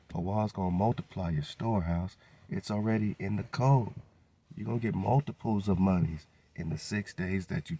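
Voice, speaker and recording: Man hosting a radio show, deep mellow voice, preachy and hyped, says "man" a lot. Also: creaky, breathy edge. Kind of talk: casual monologue with promo plugs.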